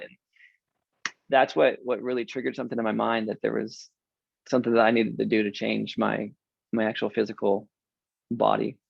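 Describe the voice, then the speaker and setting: A man's voice: mid-range voice, creaky, no echo, highs cut off. A man in his forties, an interview guest, candidly telling a self-deprecating personal story in a casual way. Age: 40s.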